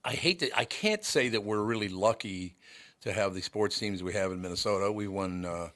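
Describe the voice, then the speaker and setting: A man's voice: on the low side, moderate pace, a bit bright. A man, a sports broadcaster, chatting casually and sharing old anecdotes. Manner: reminiscing, anecdotal.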